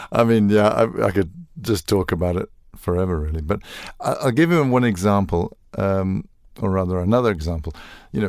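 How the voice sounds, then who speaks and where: Clean studio sound with no room noise carries the lowish voice of a man in his sixties from South Africa. A voice actor by trade, he's a guest in a casual interview, spinning wry, animated anecdotes sprinkled with playful asides.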